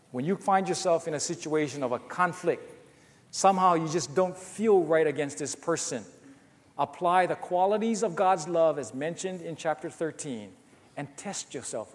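A man's voice: a little high, darkish tone, big-room sound. A man, a former judge, preaching a sermon and earnestly telling a personal story, acting out the dialogue.

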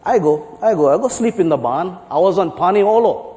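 A man's voice: high voice, expressive, brisk, mellow, long reverb tail. A man voicing a boastful cowboy in a joke, speaking heavy pidgin and repeating himself.

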